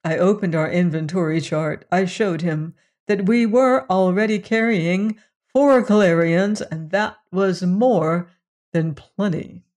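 An audiobook narrator giving a measured first-person reading of a story. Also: medium pitch, darkish tone.

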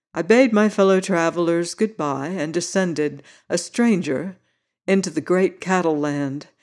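An audiobook narrator reading a classic novel with measured, even storytelling. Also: medium pitch.

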